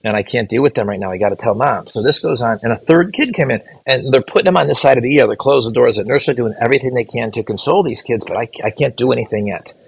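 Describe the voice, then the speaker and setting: A middle-aged man, a physician assistant educator, telling a case story to students in an earnest, halting way with restarted words. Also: medium pitch, animated, creaky, husky, no echo, low-quality recording.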